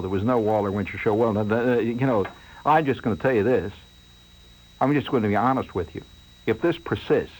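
A man hosting a late-night radio show, telling a rambling, self-mocking story in a theatrical way that swings from hushed to excited. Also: fairly low pitch, a little hiss or hum, low-quality recording. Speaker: radio host.

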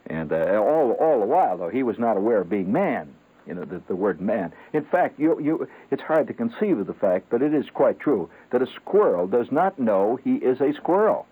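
Husky low-voiced radio guy rambling, pitch bouncing around, tinny old broadcast. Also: sing-song. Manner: rambling, halting, chuckling, full of fillers. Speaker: radio host. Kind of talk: rambling comic late-night radio monologue.

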